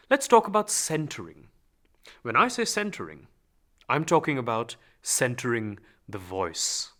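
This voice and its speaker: A male voice coach leads a gentle training exercise, speaking in a calm, instructive way. His tone is bright and clear, and his pitch moves in a lively, animated way as he demonstrates. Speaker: voice and speech teacher. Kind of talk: guided voice lesson.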